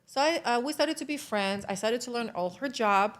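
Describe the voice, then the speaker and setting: A woman's voice: fairly high pitch, brisk. A woman from Israel with an Israeli accent, a podcast guest telling a story in casual conversation and acting out the dialogue, with non-native grammar.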